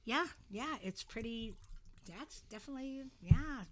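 A woman's voice: a little high, animated, measured pace, very noisy. A woman hosting a casual chat, mostly giving short supportive replies. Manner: brief supportive interjections. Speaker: podcast host.

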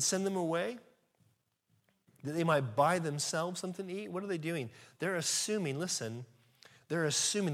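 Male preacher with a high-pitched voice, earnest and conversational, getting loud at times. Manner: earnest, conversational preaching with sudden rises in volume. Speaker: pastor. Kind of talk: sermon.

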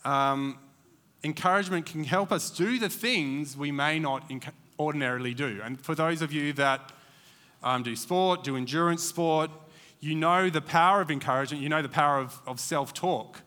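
Bright-voiced male preacher in echoing hall. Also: fairly high pitch, moderate pace. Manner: conversational, digressive, many fillers. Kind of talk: church sermon.

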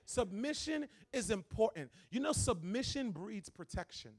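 A man's voice: high-pitched, sing-song, normal speed. A young man of Haitian background in his twenties, preaching a sermon as a guest pastor with emphatic, repetitive phrasing. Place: church.

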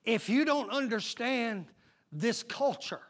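A pastor preaching a sermon, breaking into shouted, call-and-response bursts. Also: male voice, very high voice, animated, takes it slowly.

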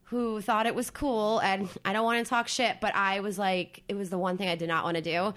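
Bright, animated woman chatting. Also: medium pitch, brisk. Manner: animated, profane, rambling with many fillers. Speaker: podcast co-host. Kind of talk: casual chat.

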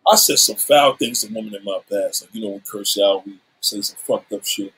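Husky man telling a raw personal story. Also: fairly low pitch, a little fast, low-quality recording. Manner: animated, swears freely, acts out quoted lines.

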